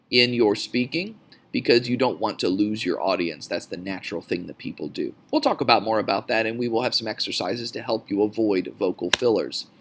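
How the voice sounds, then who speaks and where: Brisk plainspoken male teacher, lowish voice. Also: a bit bright. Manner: brisk, plainspoken, corrects himself mid-sentence. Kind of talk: recorded classroom screencast lecture.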